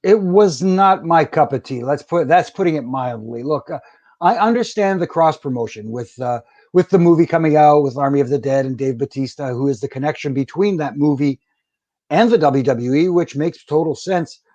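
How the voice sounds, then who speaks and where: A man's voice: on the high side, normal speed, darkish tone, muffled recording. A middle-aged man, a former wrestling referee, talking frankly as a guest in a casual interview, often restarting his sentences. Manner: frank, plainspoken, with frequent restarts.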